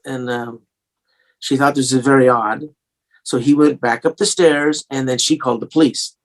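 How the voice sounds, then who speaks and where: A man's voice: mid-range voice, steady tone, moderate pace. A man with a slightly English-tinged American accent, a singer-songwriter telling stories in a casual interview, rambling with many fillers and restarts.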